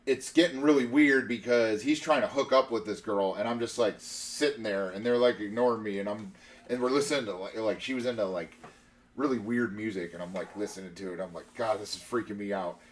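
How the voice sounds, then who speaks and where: A man's voice: lowish voice, brisk. A man in his thirties telling a long personal story in a casual, rambling way, full of fillers and restarts. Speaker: podcast host.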